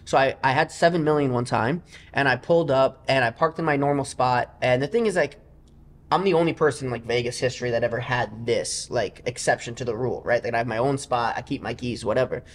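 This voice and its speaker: Male guest, gambler type; loose, rambling storyteller with an ordinary mid-pitched voice. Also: fairly quick, a little hiss or hum. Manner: loose, rambling anecdotes full of asides. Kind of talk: casual interview storytelling.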